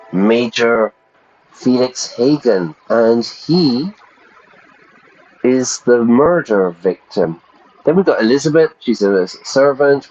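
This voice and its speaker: A man's voice: on the low side, a little mellow, lo-fi sound. A man teaching English in a casual livestream from home, chatting with viewers as he reads through notes. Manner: chatty, talks to viewers in chat. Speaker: English teacher streaming a game.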